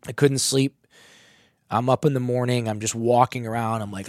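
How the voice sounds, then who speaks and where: A man's voice: medium pitch, moderate pace, no room sound, studio quality. A man telling a candid personal story, emotional and full of swearing. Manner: emotional, profane, animated storytelling.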